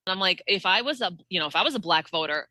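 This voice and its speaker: A woman impressionist in an interview, calmly explaining how she builds an impression. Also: fairly low pitch, fast, no echo, rough recording. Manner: explanatory, analytical. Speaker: impressionist guest. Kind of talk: interview answers.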